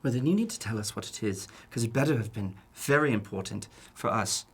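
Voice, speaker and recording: A man's voice: expressive, a little fast, breathy edge. A man playing a tabletop role-play character, pleading with a teammate in an emotional, rising voice. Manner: pleading, emotional, rising pitch when upset. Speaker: player.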